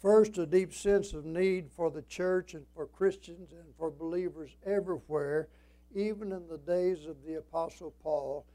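A man with a slightly high voice gives a sermon during an evening church service. He speaks slowly and deliberately, with a pronounced preaching rhythm of emphatic rises and hushed falls.

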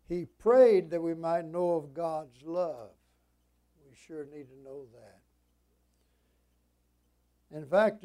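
A man preaching a sermon in an evening church service, with a strong preaching cadence that swings between emphatic rises and hushed drops. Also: high voice. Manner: slow and deliberate.

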